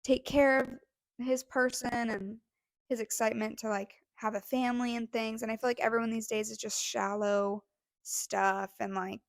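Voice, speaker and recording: A woman's voice: on the high side, fairly even intonation, moderate pace, gravelly, no room sound. A young woman co-hosting a podcast, telling a story in a casual, gushing way with many fillers, close to tears. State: near tears. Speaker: podcast co-host.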